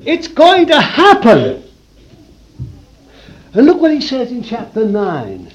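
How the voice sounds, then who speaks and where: Emphatic preacher man, lively voice. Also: very high-pitched, slow pace, poor audio. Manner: emphatic, swinging from loud declarations to hushed asides. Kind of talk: sermon. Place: room with a congregation.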